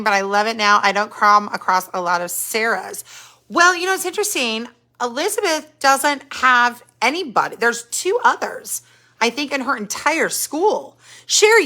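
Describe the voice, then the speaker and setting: A woman's voice: high voice, sharp tone. A middle-aged woman hosting a casual live stream, greeting viewers by name and chatting about their comments while she thinks aloud. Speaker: podcast host reading live chat comments.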